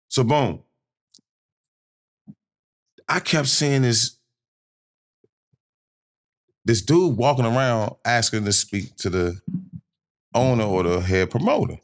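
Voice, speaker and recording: A man from DC telling a nightclub story in casual podcast chat, acting out quoted people in a raised, shouting voice. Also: takes it slowly, pauses often. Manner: animated storyteller, acts out quotes in a high shouting voice. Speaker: podcast host.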